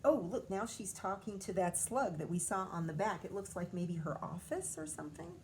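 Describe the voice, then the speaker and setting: A woman's voice: mid-range voice, moderate pace, darkish tone, slight background noise. A woman teacher reading a picture book aloud to children, stopping often to comment and ask questions.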